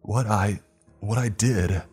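A man's voice: deep voice, a little slow, darkish tone, faint music behind, pitched above the performer's own voice. A man voicing a frightened sixteen-year-old boy who pleads and cries out in alarm. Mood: desperate. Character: frightened teenage boy, sixteen, desperate and panicked.

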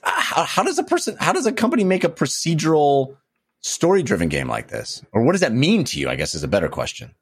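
A man's voice: a little high, quick pace, breathy edge. A man co-hosting a gaming podcast, talking casually and restarting and rephrasing as he works through his thoughts. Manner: animated, restarts and stacks qualifiers. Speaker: podcast co-host. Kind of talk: casual chat.

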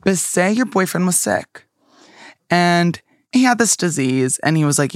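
A man's voice: high-pitched, lively intonation, unhurried, dry recording, clean studio sound. Young man acting out quotes in chat. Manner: acts out imagined quotes, talks in long run-on turns. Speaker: guest co-host. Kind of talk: casual chat.

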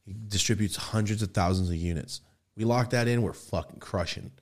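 Casual podcast storyteller, man, lowish voice, profane and excitable. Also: brisk. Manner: animated, profane, jumps into high excited voices for quotes. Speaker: podcast host telling a story.

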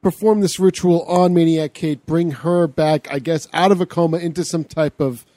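A man's voice: a little high, fairly even intonation, moderate pace, warm tone, no echo. A man co-hosting a podcast, laughing often as he recaps a movie plot in casual chat. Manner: laughs often, talks through plot points with restarts. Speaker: podcast co-host.

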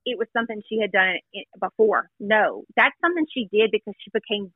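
A woman's voice: mid-range voice, a little fast, breathy edge, no room sound. Blunt chatty woman on a tinny line. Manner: chatty, blunt, self-deprecating storyteller. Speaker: guest. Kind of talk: casual chat.

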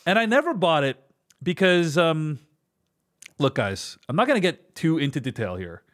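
A man's voice: on the high side, very animated, moderate pace. A man hosting a casual film discussion podcast, talking animatedly and acting out quoted lines. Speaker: podcast host.

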